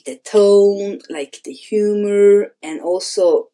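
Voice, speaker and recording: A woman's voice: medium pitch, slow, warm tone. A woman hosting a screenwriting channel, reading and analyzing a screenplay in a hesitant way, with many fillers and restarts.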